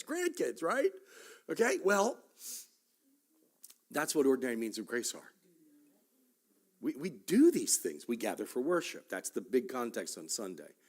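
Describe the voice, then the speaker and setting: A man's voice: mid-range voice, a little mellow. A man teaching a Sunday school class at church, talking conversationally with joking asides and frequent checks like "right?" and "okay?".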